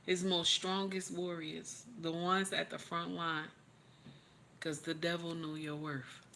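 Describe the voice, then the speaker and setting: A woman's voice: on the low side, little pitch movement, slow pace, gravelly, sharp tone, slight background noise. A woman hosting a livestream, tearful, giving emotional motivational talk and repeating her encouragements over and over in a preachy way. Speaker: livestream host.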